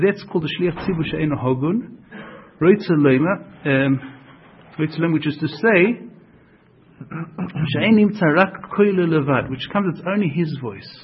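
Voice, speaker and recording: Gravelly man giving a religious lesson. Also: on the high side, a little hiss or hum. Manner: earnest, explains slowly, repeats and rephrases points. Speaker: Torah teacher. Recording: dull lo-fi recording.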